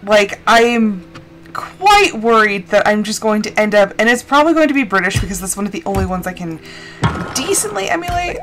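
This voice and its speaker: A woman's voice: mid-range voice, lively intonation, moderate pace, fairly bright tone. A young adult woman chatting casually and rambling while she live-streams a farming game, with lots of fillers. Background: game music.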